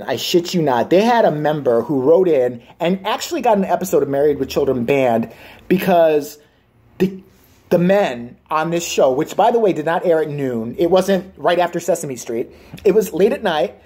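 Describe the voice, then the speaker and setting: A man's voice: a little high, very animated, brisk, mellow, breathy edge. Sarcastic 30s guy ranting into the camera, swears nonstop, crude jokes. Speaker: vlogger. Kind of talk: profane comedic rant.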